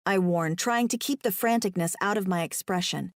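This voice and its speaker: A woman's voice: moderate pace, hardly any pauses, no echo, clean studio sound. A young woman narrating a first-person romance audiobook, emotive and dramatic. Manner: emotive, voices the heroine's panic in a higher pitch.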